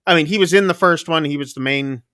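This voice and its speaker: A man's voice: fairly high pitch, quick pace, bright, forceful tone, smooth, no room sound, clean studio sound. A man co-hosting a podcast, casually retelling a film's plot with lots of fillers. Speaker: podcast co-host. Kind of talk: casual film review chat.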